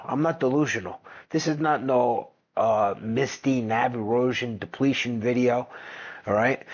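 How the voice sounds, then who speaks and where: A man hosting a finance video, talking casually and excitably over his screen, brash and profane as he runs through figures. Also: medium pitch, husky, lo-fi sound. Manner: brash, profane, excitable, jumps between numbers. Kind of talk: casual screen-share commentary.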